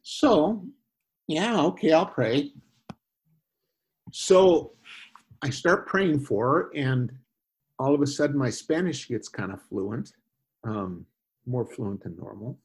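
A husky man recounts a story as an interview guest. He talks animatedly, jumping into quoted voices and often restarting his sentences. His pitch sits in an ordinary middle range. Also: expressive, takes it slowly, long pauses. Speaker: guest, former missionary. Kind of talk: conversational storytelling.

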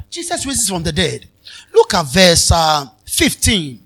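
A man preaching a sermon as pastor at a live convention, repeating phrases and swinging between soft talk and shouts. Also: high-pitched, huge pitch swings, unhurried.

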